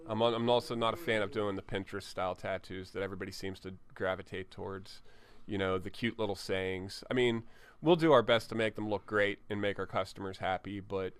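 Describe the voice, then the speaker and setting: A man's voice: on the low side, fairly bright tone, clear, resonant tone. A tattoo artist telling candid, profane stories from his shop in an interview, often restarting his sentences. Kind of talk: storytelling in an interview. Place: tattoo studio.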